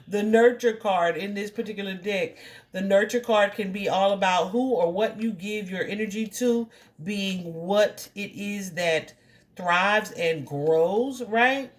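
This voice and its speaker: A woman's voice: mid-range voice, measured pace. A woman giving a casual tarot reading to her viewers, chatty and reassuring, full of fillers and restarts. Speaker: tarot reader.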